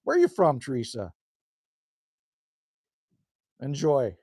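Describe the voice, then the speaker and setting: A man's voice: mid-range voice, wildly swooping pitch, takes it slowly, darkish tone, breathy edge, no room sound, studio quality. A man chatting casually on a live stream outdoors, reading out viewer comments and answering them in a laid-back, rambling way. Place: outdoors by a cabin in the cold.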